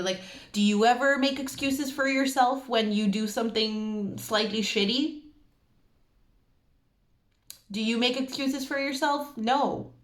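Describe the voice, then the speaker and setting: A woman's voice: on the high side, a bit bright, roomy sound. A woman giving a casual tarot reading to camera, chatty and emphatic, with many fillers. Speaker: tarot reader.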